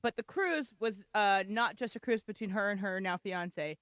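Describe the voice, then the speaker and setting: Even-voiced woman on a radio panel. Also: mid-range voice, moderate pace, dry recording, studio quality. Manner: sets up scenarios and questions for the others. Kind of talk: casual studio banter. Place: radio studio.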